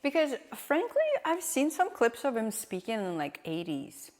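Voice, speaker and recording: A woman's voice: a little high, sing-song, normal speed, darkish tone, long reverb tail. A woman streamer chatting casually, rambling and asking questions as she reacts to clips. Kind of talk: casual live-stream chat.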